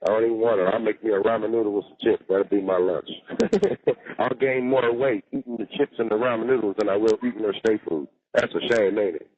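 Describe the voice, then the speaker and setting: A man's voice: on the low side, a little fast, slightly rough, dry recording. A man calling home from jail, chatting casually in a coarse, profane, boastful way. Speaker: jail inmate on a call. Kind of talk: casual phone chat. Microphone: prison payphone handset. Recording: tinny jail phone line.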